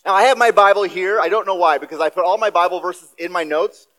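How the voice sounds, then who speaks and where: A man giving a sermon as a guest preacher in a church, talking in a relaxed, conversational way with casual asides. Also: high voice, quick pace, poor audio. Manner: conversational, self-deprecating asides.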